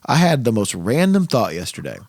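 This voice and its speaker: A man hosting a podcast in casual chat, animated and laughing with quick asides. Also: mid-range voice, no echo, clean studio sound. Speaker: podcast host.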